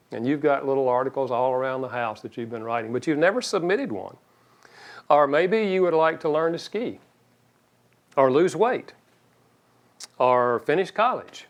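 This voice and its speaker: A man giving a seminar talk on marriage, folksy, with joking asides, who acts out quoted spouses. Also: medium pitch.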